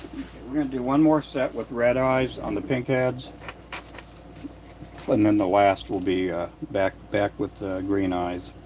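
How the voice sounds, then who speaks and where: An older man making fishing lures in his workshop, chatting casually to a livestream audience in a soft, rambling way with frequent restarts. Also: on the low side, level tone, unhurried, slight background noise. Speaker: lure maker livestreaming. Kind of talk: casual livestream chat while working.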